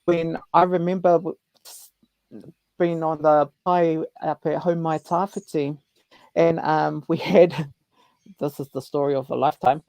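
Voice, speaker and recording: Host, New Zealand male, animated storyteller, dry recording. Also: a little high, a little slow, vocal fry, long pauses, no room sound, rough recording. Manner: animated storyteller who acts out elders' voices. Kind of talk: casual chat.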